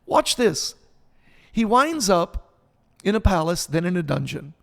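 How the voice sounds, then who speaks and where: Impassioned older preacher, gravelly and high. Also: male voice, sing-song, measured pace, fairly bright tone, long reverb tail. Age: 60s. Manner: impassioned preaching with repetition and rising emphasis. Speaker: pastor. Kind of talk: sermon-style podcast talk.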